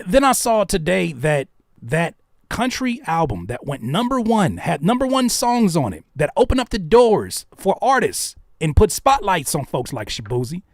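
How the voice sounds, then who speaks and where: A man hosting reaction commentary, swinging between heated ranting and hushed asides. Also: fairly high pitch, vocal fry, dry recording, clean studio sound. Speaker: host.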